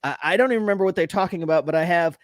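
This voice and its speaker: A man's voice: high voice, very fast. A man co-hosting a casual sports podcast, sarcastically reading his notes aloud and mocking what he watched. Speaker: podcast co-host.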